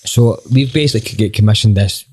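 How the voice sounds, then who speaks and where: Low, mellow Scottish man telling a story. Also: fast, breathy edge. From Scotland. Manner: animated, swears freely, acts out quoted dialogue. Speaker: band member, podcast guest. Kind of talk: casual storytelling anecdote.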